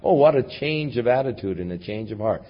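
A man preaching through a Bible passage, reading the verses aloud and then retelling them in casual, lively asides. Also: medium pitch, brisk. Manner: reads scripture then paraphrases it in casual, animated asides. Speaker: pastor. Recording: dull lo-fi recording.

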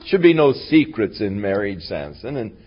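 A man's voice: on the low side, very animated, moderate pace, slightly rough. A man voicing a young bride-to-be who coaxes and reproaches her groom, in a dull lo-fi recording. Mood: coaxing. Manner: coaxing and reproachful.

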